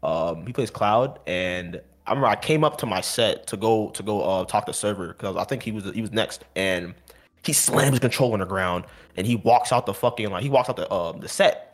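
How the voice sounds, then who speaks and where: A man's voice: fairly low pitch, animated, a little fast. A young man in casual conversation, telling a gaming story in slang, saying "bro" often. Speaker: competitive gamer. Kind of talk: casual chat.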